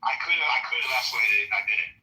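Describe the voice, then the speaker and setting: A man in casual podcast chat, swearing a lot as he tells an animated story. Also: on the low side, rapid-fire. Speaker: podcast host. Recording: roomy echo, mic at a distance.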